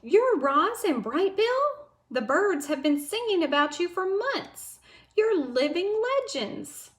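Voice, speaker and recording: A woman's voice: high voice, takes it slowly, full character voice. A woman doing an eager, chatty female skunk. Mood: excited. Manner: eager, warm hostess, excitable. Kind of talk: children's book read-aloud.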